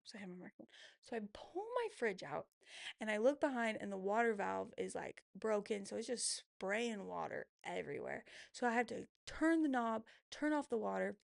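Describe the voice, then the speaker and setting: A young woman in her twenties tells a personal story on her podcast, with strong gravelly vocal fry throughout. She sounds candid and emotional, scattering casual fillers as she goes. The sound is dry and close. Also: medium pitch, a little fast, hardly any pauses, no room sound. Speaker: podcast host.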